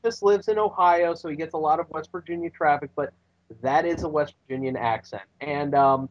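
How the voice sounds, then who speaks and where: A man's voice: a little high, a little fast, highs cut off. A man co-hosting a wrestling podcast, recapping matches in a laid-back, hesitant way. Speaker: podcast co-host. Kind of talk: casual wrestling recap chat.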